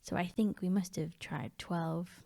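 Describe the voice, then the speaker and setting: Woman, travel podcast co-host, slightly low voice, casual chat, hesitant recollection. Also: fairly even intonation, measured pace, creaky, warm tone. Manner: easygoing, hesitant recollection with many fillers. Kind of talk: casual conversational storytelling.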